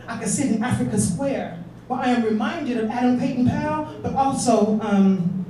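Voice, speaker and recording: A woman's voice: medium pitch, warm tone, a little hiss or hum. A woman giving an earnest conference speech and urging the audience with questions. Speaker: conference speaker. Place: conference hall. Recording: echoey hall, distant mic.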